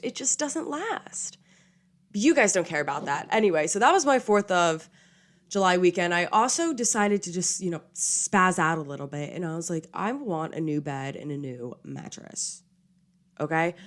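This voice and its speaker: Young woman podcast host, casual and self-deprecating, slightly lower pitch, fighting a small cold. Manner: chatty, self-mocking, lots of "okay?" and "like". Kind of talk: casual chat.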